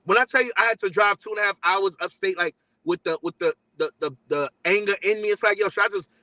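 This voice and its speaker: A man tells his story fast, in a high, bright voice. He animates both sides of each conversation he recalls. The sound is dry and close. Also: no echo, rough recording. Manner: animated, acts out both sides of texts and talks. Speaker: guest father telling his story. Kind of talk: casual storytelling.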